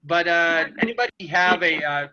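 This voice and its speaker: A man hosts a casual roundtable, asking his questions haltingly with lots of fillers. His tone is sharp and bright, and the recording sounds dull and lo-fi. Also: fairly high pitch. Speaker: host.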